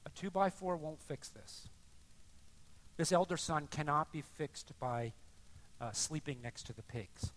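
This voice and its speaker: An older man preaching a sermon in a conversational, animated way, often acting out the people he describes. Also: a little high, a little slow. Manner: animated, conversational, acts out voices. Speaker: pastor.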